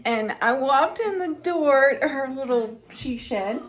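A woman's voice: sits high, animated, takes it slowly, few pauses, poor audio. A woman chatting casually in her farm vlog, laughing often and talking straight to her handheld phone. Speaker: farm wife vlogger.

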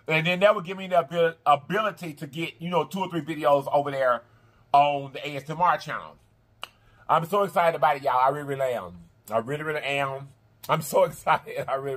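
A woman hosting an eating channel, chatty and effusive, talking casually to her viewers and repeating herself warmly. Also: low-pitched, a little fast. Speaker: mukbang channel host.

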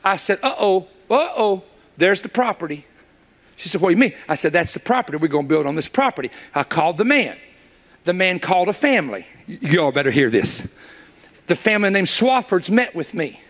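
Man, middle-aged, preaching, bright tense tone, acts out dialogue. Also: high voice, big pitch swings, a little fast. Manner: storytelling preacher, acts out dialogue, builds to shouts. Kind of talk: sermon.

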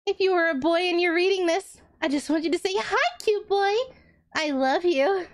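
A woman voicing a giddy, boy-crazy young woman who gushes breathlessly, in a comic reading of a viewer redeem. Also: moderate pace. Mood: gushing. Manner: breathless, gushing, squealing up high.

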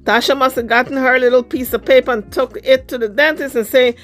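A woman giving casual celebrity gossip commentary in a sassy, blunt, slangy way, her voice slightly hoarse. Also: sits high, steady tone, brisk, fairly bright tone.

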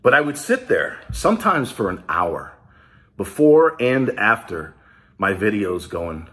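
A man's voice: lowish voice, big pitch swings, unhurried, fairly bright tone. A man hosting a small business video blog, talking straight to viewers in a hyped, rallying way that turns emotional. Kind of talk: casual emotional vlog.

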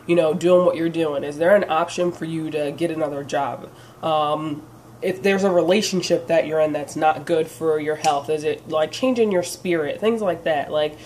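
With a low, darkish voice, a woman vlogs straight to the camera in an encouraging, sincere manner, filling her speech with "um" and "you know." A sinus problem leaves her sounding congested and nasal. A little hiss or hum runs underneath.

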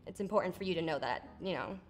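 A woman's voice: on the low side, lively intonation, fast talker, a little hiss or hum. A woman speaking candidly in an interview, hesitant and heartfelt as she reaches out to her mother.

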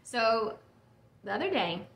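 In an echoey room with faint background noise, a woman in her thirties runs a solo podcast in a chatty, rambling way, often correcting herself. Her fairly high voice is very animated yet slow, with vocal fry.

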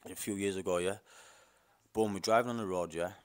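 A man's voice: low voice, fairly quick, clear, resonant tone. A young adult man, talking straight to listeners in an indignant, rambling rant full of street slang and repeated words. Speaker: podcast host. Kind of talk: casual monologue.

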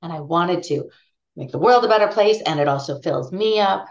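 Animated woman telling stories, lo-fi sound. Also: lowish voice, moderate pace. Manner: animated, acts out voices in her anecdotes. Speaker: guest ethnobotanist. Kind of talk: podcast interview storytelling. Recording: dull lo-fi sound.

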